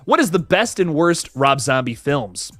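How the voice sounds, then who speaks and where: A man's voice: on the high side, big pitch swings, measured pace, a bit bright, no echo, soft background music. A young man hosting a casual live stream, reading chat messages aloud in an upbeat, chatty way with laid-back slang. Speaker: livestream host reading chat.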